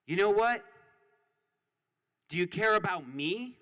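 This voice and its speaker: A man speaks at a council chamber podium with a fiery, sermon-like indignation. His voice is bright and somewhat high, and he delivers it slowly. A long reverb trails each line across the hall. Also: lively intonation. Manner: indignant, preaching, mocking. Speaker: public commenter. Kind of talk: impassioned public comment.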